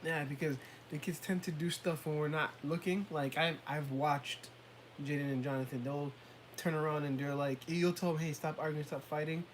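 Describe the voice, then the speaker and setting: A man co-hosting a casual talk show, telling relaxed stories about his sons and mimicking them. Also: on the high side, normal speed, slight background noise, rough recording. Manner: relaxed storytelling, laughs often, mimics kids and parents. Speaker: podcast co-host. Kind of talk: casual chat.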